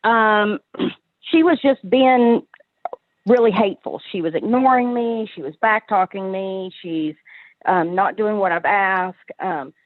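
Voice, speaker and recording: A woman caller asking for advice, talking in a hesitant, halting way with many restarts. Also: medium pitch, no echo. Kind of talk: call-in advice conversation. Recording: tinny phone line.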